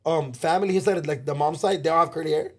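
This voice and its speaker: A man co-hosting a casual podcast, joking, excitable and swearing a lot. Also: a little high, quick pace, a loud crowd. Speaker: podcast co-host. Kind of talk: casual chat.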